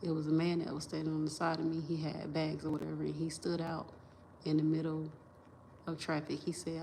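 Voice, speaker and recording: A woman's voice: low voice, completely flat delivery, brisk, gravelly, warm tone, slight background noise. A woman on a livestream, talking in a rambling, emphatic and profane way, restarting sentences and repeating herself into a phone camera.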